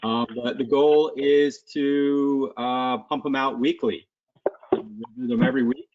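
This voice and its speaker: A man's voice: mid-range voice, fairly even intonation, unhurried, noisy background. Guy hosting a home cooking stream, chatty and rambling, kinda muffled lo-fi sound. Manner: loose and rambling, many fillers. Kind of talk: casual chat.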